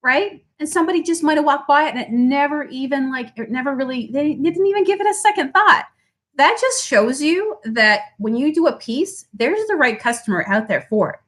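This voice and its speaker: A woman who owns a small business, giving a motivational talk on pricing, often asking "right?" and acting out customers. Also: fairly quick. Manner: animated, acts out customers in high voices, asks "right?" often.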